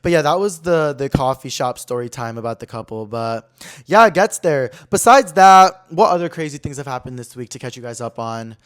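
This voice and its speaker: A man's voice: medium pitch, lively intonation, brisk, fairly bright tone, clean tone. A young man hosting his own podcast, telling a story in a casual, dramatic way full of "like" fillers. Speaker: podcast host.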